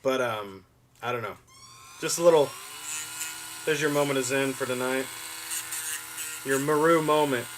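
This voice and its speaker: A young man hosting a livestream, chatting loosely to viewers with many fillers and restarts, often gushing with excitement. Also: medium pitch, measured pace, pauses often, noisy background. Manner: rambling, lots of fillers and restarts, gushes with excitement. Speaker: livestream host. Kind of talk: casual stream chat to viewers.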